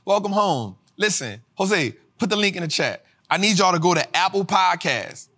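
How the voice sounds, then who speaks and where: A male host teaching personal finance to a live audience in a casual, slang-filled way, swinging into sermon-like, sung-out shouts. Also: high-pitched, animated, normal speed. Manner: preacher-like cadence, rising to shouts. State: tired after a flight. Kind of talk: motivational livestream teaching.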